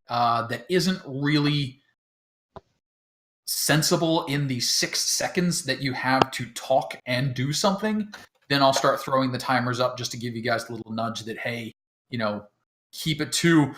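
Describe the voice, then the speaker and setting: A man with a medium-pitched, slightly bright voice runs a tabletop game at a somewhat slow pace. Talkative and self-mocking, this game master explains the rules casually, peppering them with ums and other fillers.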